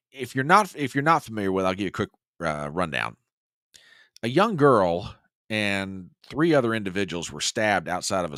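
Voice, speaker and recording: Animated low-voiced American man, lively talk. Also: no echo, clean studio sound. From United States. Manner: animated, folksy, talks to the audience as "y'all". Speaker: podcast host. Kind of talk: casual political commentary.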